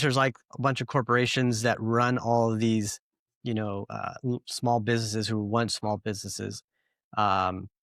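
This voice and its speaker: Male podcast host, casual and rambling, animated when telling stories, dry sound. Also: mid-range voice, dry recording. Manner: rambling, filler-heavy, animated storytelling.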